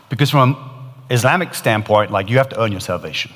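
A man's voice: mid-range voice, lively intonation, a little fast, a bit bright, in a large hall. A man preaching a sermon, retelling a story in an earnest, emphatic way that swells and drops in intensity.

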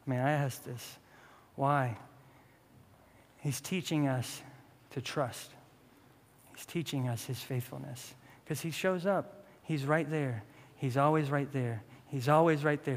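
This thirties-aged pastor speaks unhurriedly in a fairly high voice with lively intonation. He gives a casual, humorous sermon and acts out bits of his stories, his words echoing with long hall reverb.

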